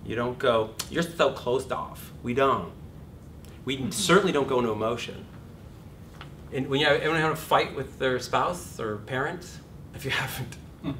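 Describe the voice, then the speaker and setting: A middle-aged man teaching an acting class in a lively, profane manner, acting out shouted examples. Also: normal speed, long pauses. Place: classroom or studio. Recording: distant room recording with background rumble.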